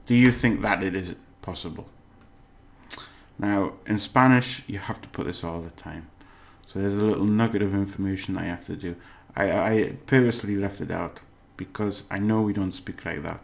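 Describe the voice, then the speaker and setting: A man's voice: sits low, moderate pace, creaky. A man teaching a casual language lesson, chatty and self-correcting, laughing at his own slips.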